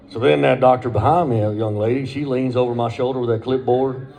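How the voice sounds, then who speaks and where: Gravelly man spinning crude yarns. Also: medium pitch, steady tone, fairly quick, a little mellow. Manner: crude, profane, laid-back yarn-spinning. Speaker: storyteller. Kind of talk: casual personal storytelling.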